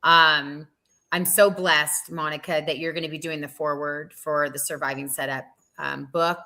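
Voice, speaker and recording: A woman hosting a podcast interview, affirming her guest with many soft backchannels. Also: deep voice, steady tone, normal speed. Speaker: podcast host. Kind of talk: casual interview talk.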